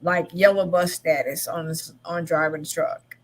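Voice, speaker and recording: A woman's voice: lowish voice, normal speed. A young adult woman co-hosting a casual talk show, telling a story with lots of laughter. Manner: animated storyteller, laughs often. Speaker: co-host. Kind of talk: casual chat.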